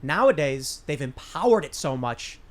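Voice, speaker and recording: Rambling talk show host, fairly high voice. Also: male voice, sing-song, moderate pace. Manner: rambling storyteller, many restarts. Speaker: podcast host. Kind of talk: casual political talk show.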